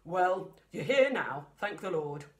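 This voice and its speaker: A woman voicing a practical farm mother with a Scottish accent, talking in a brisk, no-nonsense way. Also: lowish voice, lively intonation. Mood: relieved.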